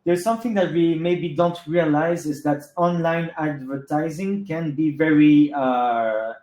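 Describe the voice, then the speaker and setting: A man's voice: fairly high pitch, a little slow, a little mellow. A man with a French accent, a native French speaker, answering audience questions in a live webinar, hesitant and full of fillers. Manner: hesitant, many fillers and restarts. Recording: echoey room.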